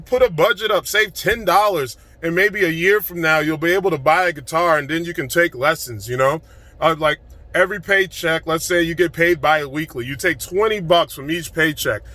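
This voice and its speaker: A man giving an excited, emphatic motivational rant to his phone camera, recorded in a car. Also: on the high side, dry recording. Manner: excited, fast-flowing, emphatic. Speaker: vlogger.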